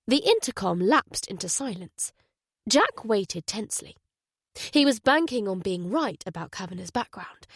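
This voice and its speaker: A woman narrating a thriller audiobook in a measured, even way. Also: medium pitch, husky, no room sound, clean studio sound. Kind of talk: scripted narration.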